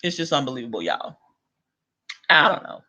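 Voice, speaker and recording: A man's voice: medium pitch, big pitch swings, normal speed, sharp tone. A man hosting a video rant, profane and exasperated, with chuckles between lines. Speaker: vlog host. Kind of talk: ranting monologue.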